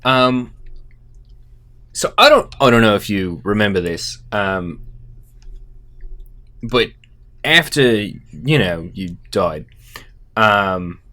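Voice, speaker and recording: Man, tabletop player, hesitant, rambling, slow pace, lively pitch. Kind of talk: tabletop role-play.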